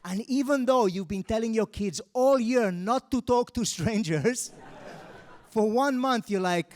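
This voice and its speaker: A young man from Spain works a live stand-up set with a handheld mic. His voice sits high and he gets loud and exasperated when he hits a punchline. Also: measured pace, a little hiss or hum. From Mallorca, Spain. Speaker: stand-up comedian. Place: arts centre stage with a live audience.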